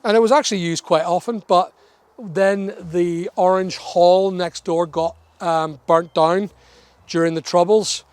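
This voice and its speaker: A man's voice: sits high, darkish tone, clear, resonant tone, dry recording. A man vlogging outdoors at a building site, chatty and explaining things as he goes, with teasing asides. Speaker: vlogger renovating a property. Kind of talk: casual walk-around vlog.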